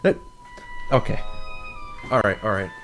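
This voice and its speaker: A man's voice: lowish voice, animated, a little slow, a bit bright, soft background music. A young man streaming a game, chatting casually in a rambling, laughing, self-mocking way through a desk microphone with auto-tune on. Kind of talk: casual gameplay commentary.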